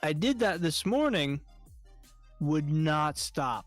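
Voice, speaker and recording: A man telling a story on a stream in casual chat, animated and swearing often. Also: on the high side, slow pace, dry recording, faint music behind.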